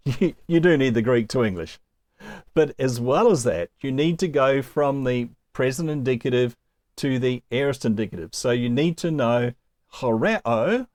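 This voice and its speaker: A man's voice: mid-range voice, a little mellow, no echo. A man teaching a recorded language lesson, earnest and emphatic, with little asides to the learner. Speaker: Greek teacher.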